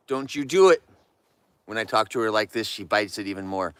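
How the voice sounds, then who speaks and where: A man's voice: lowish voice, animated, brisk, a bit bright, clear, resonant tone, no room sound. A man hosting a livestream from his yard, joking and chatting playfully with viewers. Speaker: livestream host. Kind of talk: casual live chat to viewers.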